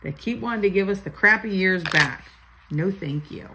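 A woman's voice: medium pitch, moderate pace, noisy background. An older woman reading out lottery numbers and chatting playfully as she scratches tickets, sometimes muttering under her breath. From Florida. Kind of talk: casual chat while scratching tickets.

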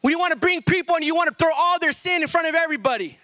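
A male pastor preaching a sermon, firing rhetorical questions at the congregation and swinging between loud, high emphasis and slow, hushed passages. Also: no room sound.

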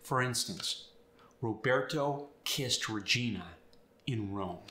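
A man teaching accents and explaining sounds step by step in an upbeat, clear way. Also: medium pitch, expressive, slow pace, pushed and bright, reverberant. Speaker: accent coach. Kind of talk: instructional video.

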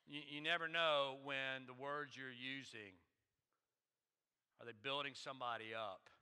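A man's voice: mid-range voice, fairly even intonation, a little slow, bright, forceful tone, clean tone. A male pastor preaching a sermon, telling stories in a conversational way, repeating phrases and asking rhetorical questions. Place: church sanctuary. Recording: long church hall reverb.

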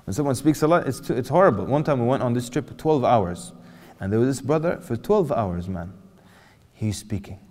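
A man preaching an animated lecture to an audience, asking them questions and acting out quotes. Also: mid-range voice, brisk. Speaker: Islamic preacher. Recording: hall reverb.

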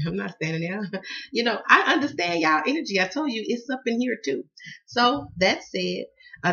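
A woman's voice: medium pitch, muffled recording. A woman with a Southern American accent giving a casual tarot reading, laughing often and cussing freely as she tells stories. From Southern United States. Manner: laughs often, cusses, lively storyteller. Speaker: tarot card reader.

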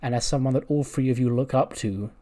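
A veteran female wrestler lectures a younger champion in a wrestling game story, voiced by a man. She rambles and hesitates, leaning on "you know", in a mellow, even voice. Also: mid-range voice, fast talker, close to an everyday voice. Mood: earnest.

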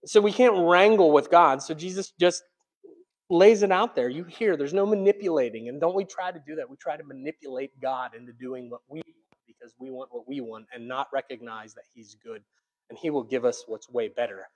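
A man preaching a sermon as pastor, conversational, swinging between quiet asides and loud emphatic peaks. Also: fairly high pitch, a little fast. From United States. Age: adult, childhood long past.

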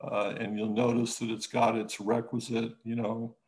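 A man, an architect, talking casually in an interview, halting with many restarts and growing lively when he tells a story. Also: mid-range voice, rough recording. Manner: halting, many restarts and fillers, animated when telling stories.

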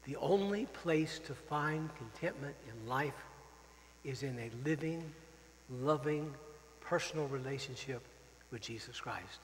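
A man's voice: medium pitch, a little slow, in a large hall, slight background noise, rough recording. A man who is a missionary pastor preaching a farewell sermon, earnest and openly emotional, repeating phrases for emphasis. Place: church sanctuary.

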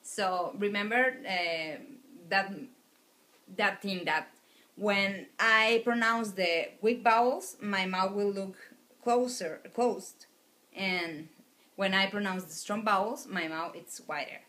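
A woman teaching a recorded video lecture, speaking slowly and patiently and pronouncing words for students to repeat after her. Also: mid-range voice, pushed and bright. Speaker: Spanish teacher. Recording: echoey room.

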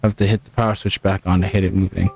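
A man hosting a casual let's-play, excitable and quick to swear, yelling and cheering as he plays. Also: low-pitched, vocal fry, soft background music. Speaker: gaming channel host.

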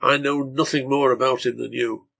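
A man's voice: mid-range voice, flat delivery, moderate pace, vocal fry, fairly bright tone. A man reading aloud voices a hesitant barkeeper who answers a hostile crowd defensively. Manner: guarded, defensive.

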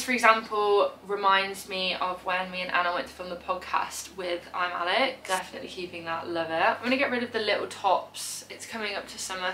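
A young British woman in her twenties chatting to viewers in a casual vlog from her bedroom, talking in an animated way. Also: mid-range voice. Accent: British English. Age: 20s. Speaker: fashion vlogger. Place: bedroom at home. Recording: echoey room with faint noise.

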